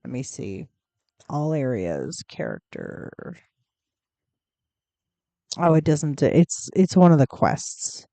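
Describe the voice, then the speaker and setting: Casual game streamer, dark gravelly tone, slow rambling delivery, close dry mic. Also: mid-range voice, sing-song, dry recording. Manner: rambling and chatty, full of fillers, coos at in-game pets. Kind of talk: casual gameplay commentary.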